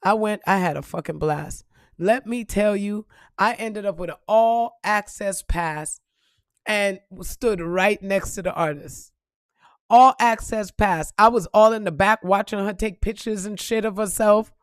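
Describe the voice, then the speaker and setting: A woman speaks to her followers in a casual motivational vlog, blunt and full of curses. Her voice sits in a middle register and sounds dry and close. She leans hard into loud, emphatic bursts, then drops to a soft, reflective tone. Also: medium pitch, unhurried, no room sound. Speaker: spiritual reader and motivational vlogger.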